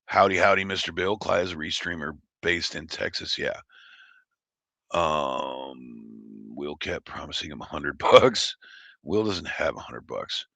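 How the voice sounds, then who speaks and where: A man's voice: a bass voice, unhurried, gravelly, bright, forceful tone, no room sound. A man from Oregon hosting a livestream, chatting casually and reading chat in a rambling, blunt, profane way. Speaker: livestream host.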